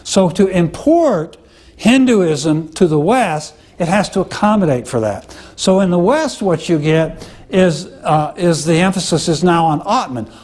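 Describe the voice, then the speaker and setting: A man with a slightly high voice teaches a class in an easy, conversational way. He keeps checking that his listeners follow with a quick "okay?" or "right?", and he fills his pauses with "uh" as he restarts his sentences. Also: expressive, a little mellow. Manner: explains with frequent "okay?" and "right?" check-ins; conversational, with many "uh" fillers and restarts. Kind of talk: classroom lecture.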